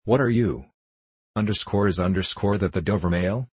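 Gruff suspicious coach guard, barking and husky, voiced by a man. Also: sits low, moderate pace, a little mellow, no echo. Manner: barked, wary commands.

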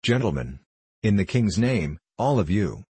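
A man voicing a suspicious, gruff male coach guard who barks wary commands in a storybook reading. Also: fairly low pitch, sing-song, unhurried, dark tone, no room sound, heavily acted. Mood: alarmed.

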